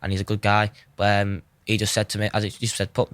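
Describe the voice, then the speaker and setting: A man's voice: on the low side, completely flat delivery, quick pace, a bit bright, smooth, dry recording. A young man, a guest telling his story in an earnest, informal way, often saying "you know". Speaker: guest, goalkeeper. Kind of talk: candid interview storytelling.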